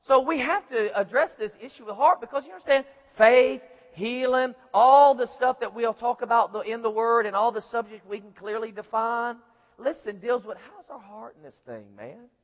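High-pitched guy preaching, folksy, acts out little scenes, echoey hall, kinda muffled. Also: normal speed. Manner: folksy storytelling, acts out voices. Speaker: pastor. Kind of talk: sermon. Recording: echoey hall, dull lo-fi sound.

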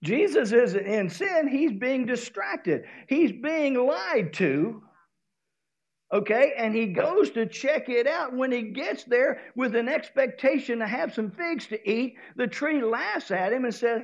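A male pastor with a Southern US accent preaching with a high, lively voice. He tells the story with animated energy and acts out the voices of its characters. The recording sounds dull and lo-fi. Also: takes it slowly. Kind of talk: sermon.

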